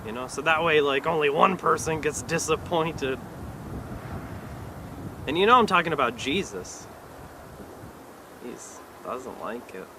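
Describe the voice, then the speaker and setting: A man performs stand-up at a live venue, his voice sitting a touch high. He delivers each line awkwardly and deadpan, hedging with fillers. The recording carries clear background noise. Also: a little slow, long pauses. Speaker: stand-up comedian. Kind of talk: stand-up comedy set.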